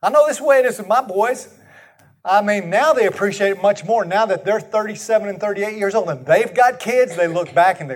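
A man's voice: high-pitched, fairly quick. A man in his sixties preaching a sermon in a conversational way, asking the congregation questions. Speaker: pastor.

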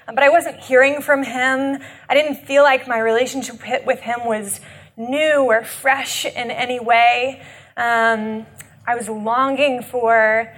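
A young woman giving a tearful personal testimony, halting, with many fillers and restarts. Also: a little high, a bit bright. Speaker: nonprofit director.

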